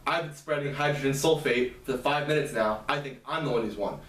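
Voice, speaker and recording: A man's voice: mid-range voice, brisk, fairly bright tone, close to an everyday voice. A man reading the lines of a desperate, defiant wounded girl, in a plain quoting voice. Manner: plain read-aloud quoting. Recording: roomy, distant mic.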